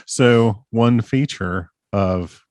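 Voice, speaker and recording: A man from the mountains of North Carolina, co-hosting a podcast and explaining history in a measured, conversational way. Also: lowish voice, darkish tone, clear, resonant tone, no room sound, studio quality. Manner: explanatory, measured, with fillers like "you know" and "like". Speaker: podcast co-host presenting research. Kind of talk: casual podcast chat.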